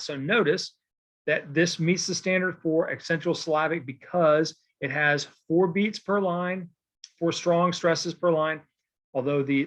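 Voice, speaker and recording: Chatty man lecturing, fairly high voice. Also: fairly bright tone. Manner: casual and digressive, with many fillers and "okay?" check-ins. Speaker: poetry teacher. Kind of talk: recorded lecture with slides.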